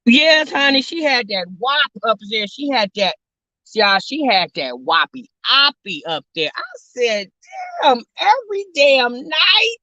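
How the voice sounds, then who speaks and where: A woman vlogger telling a story to her viewers in a sassy, drawling, animated way, calling them honey and girl. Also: fairly high pitch, measured pace, dry recording, lo-fi sound. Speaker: vlog host.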